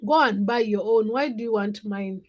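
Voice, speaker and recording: A woman's voice: medium pitch, normal speed, a little hiss or hum. A young woman hosting a casual late-night livestream, chatting and teasing viewers by name as she reads their comments. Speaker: livestream host.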